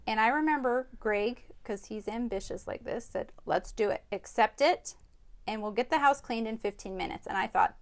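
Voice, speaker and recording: This is an upbeat woman in her forties co-hosting a casual family podcast. Her voice sits a little high and she leans hard on key words. She laughs easily between her points. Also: expressive, normal speed. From United States. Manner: upbeat, emphatic, laughs often. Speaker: podcast co-host, parent.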